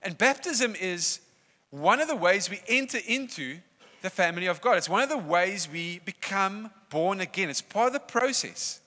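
A man preaching a sermon in a conversational, animated way, often laughing. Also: high voice, normal speed. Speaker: pastor. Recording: long reverb of a church hall.

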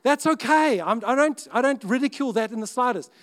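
Animated man preaching. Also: very high-pitched, fairly quick. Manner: earnest, conversational, with self-interrupting restarts and sudden rises in volume. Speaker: pastor. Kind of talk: sermon.

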